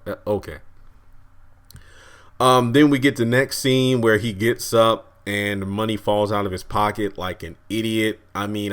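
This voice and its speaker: A man giving a casual, rambling video review of a TV episode. He talks in an animated way, often restarts his sentences and chuckles as he goes. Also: medium pitch.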